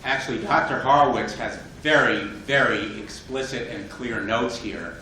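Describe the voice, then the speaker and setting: A man's voice: medium pitch, normal speed, bright, forceful tone, a little hiss or hum. A man presenting awards at a conference, formal and hesitant, stumbling over names. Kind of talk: conference announcement. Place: conference hall. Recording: roomy distant mic in a crowded hall.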